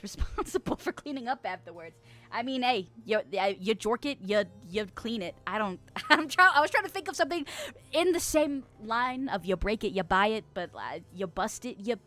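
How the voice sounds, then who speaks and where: A woman's voice: medium pitch, a bit bright. A young woman streaming and chatting with her viewers, rambling, laughing often and acting playfully indignant. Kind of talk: casual chat reading stream chat.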